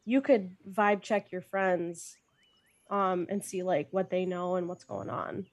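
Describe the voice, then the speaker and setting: A woman's voice: lowish voice, steady tone, takes it slowly, no echo. A woman player chatting casually at a tabletop game.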